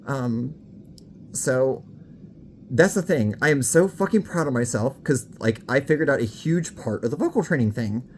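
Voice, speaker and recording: A woman with a very deep, expressive voice talks casually to camera for her vlog at normal speed. She's frank and candid, swears freely, and sounds a little out of breath, with slight background noise.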